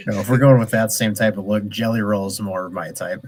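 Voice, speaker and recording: A man co-hosting a podcast in casual chat, easygoing and quick to laugh. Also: lowish voice, fairly even intonation, crowd noise. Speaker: podcast co-host.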